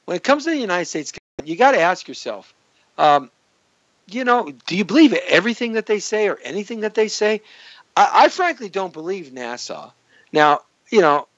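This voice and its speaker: A man hosting his live online show, rambling and joking, jumping into sudden high squeaky bits. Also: a bit bright, dry recording. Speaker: host. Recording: dull lo-fi stream audio.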